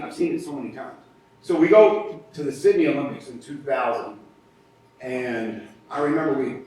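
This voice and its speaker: Male guest speaker, lively storyteller who acts out the quotes; distant mic, faint background rumble. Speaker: guest speaker, podcast co-host. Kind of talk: storytelling speech at a club meeting. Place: large meeting room. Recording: echoey room, faint rumble, far from mic.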